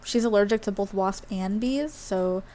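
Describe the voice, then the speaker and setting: A woman's voice: medium pitch, normal speed, warm tone, slight background noise. Chatty woman streamer from Australia. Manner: rambling, chatty, with many fillers and asides. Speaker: game streamer. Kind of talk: casual live-stream chat while gaming.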